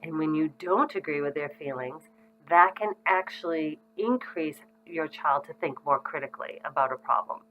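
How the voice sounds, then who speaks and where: A middle-aged woman with a deep voice gives parents advice at a normal speed, casual and conversational with frequent ums. The parenting educator's recording sounds lo-fi, with faint music behind her.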